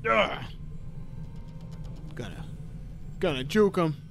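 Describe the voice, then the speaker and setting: A gaming YouTuber in his thirties plays a horror game, his slightly high voice very animated yet measured in pace, with faint music behind. His voice is sore from talking too much, and he jokes to himself and yelps at the scares.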